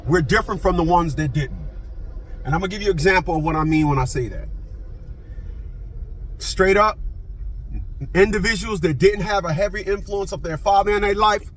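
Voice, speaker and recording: A man's voice: sits high, moderate pace, pauses often, a bit bright, slight background noise. A man in his fifties telling a story in a blunt, profane casual monologue, repeating himself as he goes. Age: 50s.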